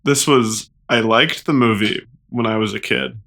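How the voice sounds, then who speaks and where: A man's voice: mid-range voice, steady tone, a little slow, vocal fry, sharp tone. A man co-hosting a casual film podcast, easygoing and rambling as he tells a story. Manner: easygoing, rambling, laughs along. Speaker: podcast co-host.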